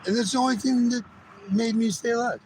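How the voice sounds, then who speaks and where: A man's voice: very high-pitched, fairly even intonation, a little fast, darkish tone. A man telling a personal testimony in a rambling, profane, casual way, acting out the voices of people in his story. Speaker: guest sharing a testimony. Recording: noisy background.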